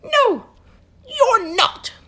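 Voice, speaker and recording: A fussy, flustered head elf from a children's storybook, put on by a woman reading aloud. The voice sits very high and swoops wildly up and down. He talks slowly and frets over every rule. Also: big pitch swings, fairly bright tone, exaggerated voice. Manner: flustered, keeps saying oh dear.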